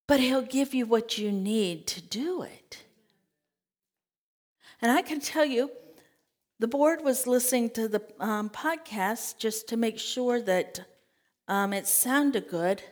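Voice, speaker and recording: A woman teaching a Bible study as a sermon, lively, acting out scripture and conversations in other voices. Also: fairly high pitch, takes it slowly, long pauses. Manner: animated, acts out scripture quotes and conversations. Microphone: podcast mic.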